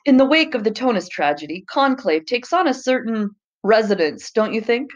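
A woman's voice: fairly high pitch, very animated, moderate pace, lo-fi sound, voice pushed up. A woman voicing a callous scythe who jokes wryly in an audiobook. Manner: sardonic, wry. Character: callous joking scythe at a gathering, smug.

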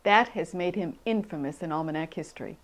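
A woman from the almanac staff, explaining its history in a measured documentary interview. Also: on the low side, animated.

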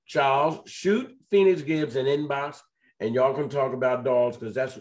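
A man's voice: mid-range voice, measured pace. Playful man hosting a live chat. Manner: lively, playful, colloquial. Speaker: host of a live online show. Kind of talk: casual live-stream interview.

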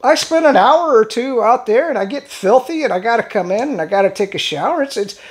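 A man's voice: extremely high pitch, lively intonation, a little fast. A man ranting fired-up in political commentary, hosting his own channel. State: in pain from a neck injury.

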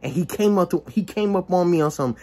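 A young vlogger recounts a personal story at a brisk clip, casual and animated, his pitch jumping as he acts out what others said. His voice is slightly husky with a soft breathiness, and he keeps dropping into quoted dialogue packed with exclamations.

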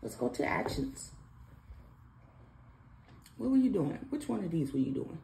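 A woman's voice: lowish voice, big pitch swings, unhurried, gravelly, dark tone. Mom teasing her son, sing-songy and bouncy, on a phone in a roomy echoey room. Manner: playful, teasing, sing-song. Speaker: mother and vlog host. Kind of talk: casual chat with her son. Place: room at home, morning. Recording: echoey room, faint background noise.

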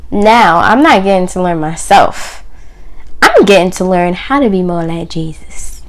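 A woman's voice: lowish voice, expressive, a little slow. A woman talking openly to camera about her faith, with emphatic phrasing that keeps dropping to a near whisper. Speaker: video host. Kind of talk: personal faith talk to camera.

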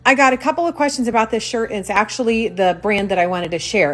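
A woman's voice: a little high, quick pace, few pauses. A woman in her forties talking casually to her followers as a lifestyle blogger, rambling and poking fun at herself, dropping into mock voices for her own asides. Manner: rambling, self-mocking, animated storytelling with mock-voiced asides. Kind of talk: casual chatty vlog to followers.

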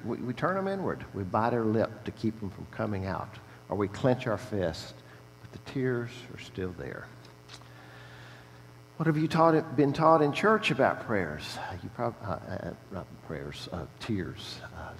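An older man giving an earnest, conversational sermon as a guest preacher, telling stories with frequent "uh" fillers and restarts, recorded in a church sanctuary with long reverb and a faint hum. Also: lowish voice. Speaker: guest preacher, chaplaincy director.

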